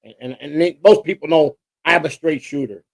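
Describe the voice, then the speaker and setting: Brief: male co-host, rambling and boastful, gravelly voice with a dry sound. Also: on the high side, normal speed, no room sound. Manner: rambling, boastful, repeats words. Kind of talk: casual livestream chat.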